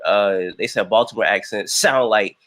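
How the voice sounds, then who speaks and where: A young man from Florida hosting a podcast interview, chatty and slangy, with quick bursts and lots of filler. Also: lowish voice, a bit bright. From Jacksonville, Florida. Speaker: podcast host. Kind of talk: casual interview chat.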